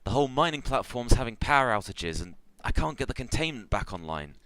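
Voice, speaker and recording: A man doing a frantic, high-pitched hobgoblin engineer. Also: very animated, sharp tone, dry recording. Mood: panicked. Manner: frantic, fast, fibbing. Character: nervous male hobgoblin engineer, flustered.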